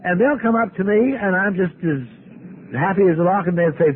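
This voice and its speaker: An older man of the cloth tells his story to a gathered audience, his fairly high voice leaping and dropping for drama. The sound is thin and tinny, like an old archive tape with a faint hiss underneath. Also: fairly quick. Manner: animated, dramatic storytelling with wide swings. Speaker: abbot speaking at a recovery meeting.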